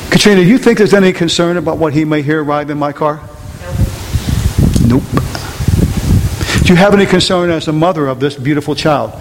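A man's voice: fairly high pitch, brisk, pauses often. A middle-aged man preaching a sermon in a casual, emphatic way, repeating himself to drive points home. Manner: emphatic, repetitive, conversational preaching. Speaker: pastor. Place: church sanctuary. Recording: reverberant church hall, faint noise.

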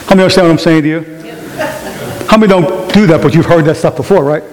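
A man preaching a sermon in a church, telling stories and mimicking other voices in an animated way. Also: fairly high pitch, quick pace. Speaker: pastor. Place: church sanctuary. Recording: reverberant hall with faint hiss.

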